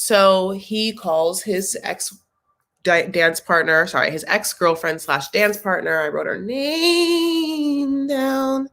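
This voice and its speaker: A woman's voice: mid-range voice, fairly even intonation, takes it slowly, fairly bright tone. A woman hosting a casual live reaction chat, chatty and sassy, tossing out jokes and asides as she recaps. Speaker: recap show host.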